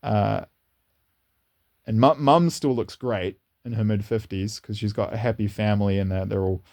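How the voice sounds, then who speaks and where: A man with a low, mellow voice talks casually to his channel in an unscripted monologue. He rambles and restarts often, repeating words as he gathers his thoughts. His pitch climbs eagerly when he gets enthusiastic. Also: fairly even intonation, moderate pace, vocal fry. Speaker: channel host. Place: lives in New Zealand, indoors.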